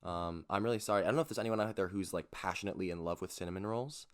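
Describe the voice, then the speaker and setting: Deep-voiced young man giving earnest opinions. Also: very fast, clean tone. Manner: earnest, reasoned opinions with frequent restarts. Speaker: podcast co-host. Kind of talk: casual chat.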